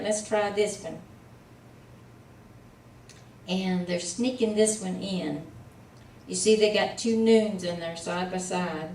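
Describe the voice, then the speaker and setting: A woman tutoring a student in Hebrew reading in a casual one-on-one lesson, patiently sounding out letters and syllables slowly. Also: fairly low pitch, warm tone, echoey room, distant mic, slight background noise, low-quality recording.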